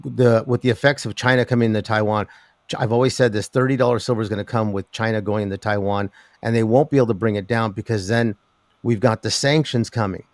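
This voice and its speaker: An older man, a guest in an interview talking about metals markets, who rambles with an animated delivery, many restarts and laughs. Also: fairly low pitch, fast, no echo. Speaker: precious metals commentator.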